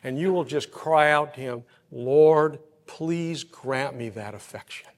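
A man preaching a sermon, telling everyday stories and swinging from soft, quiet passages to loud, emphatic peaks. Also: medium pitch, a little slow. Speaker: pastor. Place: church. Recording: long hall reverb.

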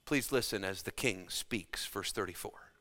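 Man, preacher, sermon, dramatic loud-and-hushed delivery, bright tone, echoing sanctuary. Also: on the low side, normal speed. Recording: long reverb of a large hall.

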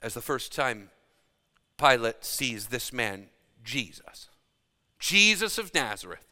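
A man preaching a sermon with dramatic shifts between loud emphasis and hushed delivery. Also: medium pitch, very animated, slow. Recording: long reverb of a large hall.

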